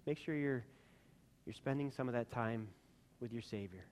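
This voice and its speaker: An earnest male pastor delivering a sermon in a mid-pitched voice. He builds to emphatic, insistent peaks, then falls back to a soft, gentle close. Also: normal speed, a little hiss or hum.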